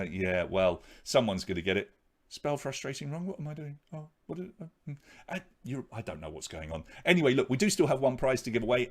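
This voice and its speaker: Chatty man hosting a quiz stream. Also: on the low side. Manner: chatty, rambling, with frequent restarts and fillers. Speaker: online pub quiz host. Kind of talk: casual live-stream chat. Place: home office.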